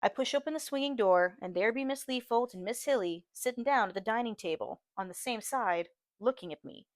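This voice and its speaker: A woman's voice: a little high, a little fast, no room sound. Brief: female reader, first-person audiobook, earnest, dry close mic. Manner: steady, earnest storytelling.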